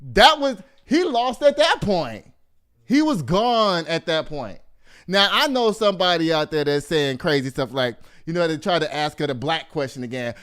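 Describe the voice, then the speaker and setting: High, smooth man ranting. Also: moderate pace. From Texas. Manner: animated, profane and mocking, laughing often. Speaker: host. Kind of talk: casual commentary.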